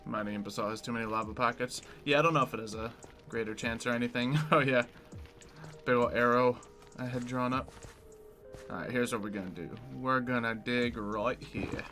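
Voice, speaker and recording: A man's voice: mid-range voice, a little fast. A man streaming a game and chatting casually with his viewers, rambling loosely from one thought to the next. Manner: relaxed, rambling, talking to chat between tasks. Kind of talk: casual live-stream chat while playing. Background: background music.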